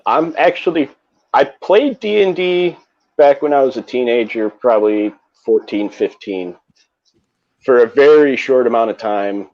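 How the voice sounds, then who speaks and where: Low voice guy, kinda hesitant, lots of uhs, muffled lo-fi sound. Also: a little mellow. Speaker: guest. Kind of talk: casual interview answers.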